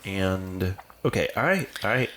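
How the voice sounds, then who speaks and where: An American woman co-hosts a podcast from a home setup in easy, chatty talk. Her voice sits low but swings widely, and it comes across bright and sharp. She rambles and breaks into giggles often. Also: animated, slow pace. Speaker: podcast co-host. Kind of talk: casual chat.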